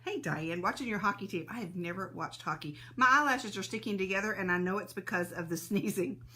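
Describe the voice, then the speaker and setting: A woman's voice: mid-range voice, lively intonation, a little fast, bright, forceful tone. A woman hosting a casual live stream, greeting viewers by name and laughing often, a little sneezy and teary-eyed.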